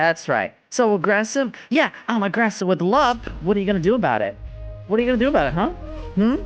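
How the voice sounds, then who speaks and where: Excitable woman streamer, lively pitch. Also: highs cut off. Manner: excitable, giggly, swinging between squeals and low mutters. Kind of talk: casual live-stream chat.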